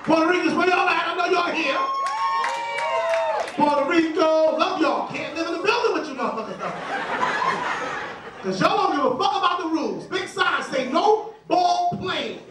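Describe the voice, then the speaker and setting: Loud standup guy yelling at the crowd, far from the mic, lots of room echo. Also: extremely high pitch, animated, a little fast. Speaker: stand-up comedian. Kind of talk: stand-up routine.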